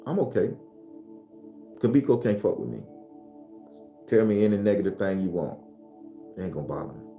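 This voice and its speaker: A man delivers an unscripted spiritual talk, blunt and full of profanity. His voice is mellow and dark, and it jumps higher and louder when he gets worked up. The room is echoey, with faint music behind him. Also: very animated, normal speed. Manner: gets loud and high-pitched when fired up. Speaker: spiritual teacher.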